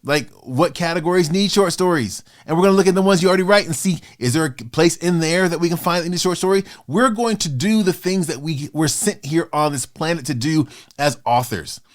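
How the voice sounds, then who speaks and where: A man in his fifties hosting his own motivational vlog, talking in a passionate, fired-up way with sudden loud bursts. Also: on the high side, expressive, brisk, few pauses. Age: 50s. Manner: acts out doubters in quoted asides. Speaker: author and channel host.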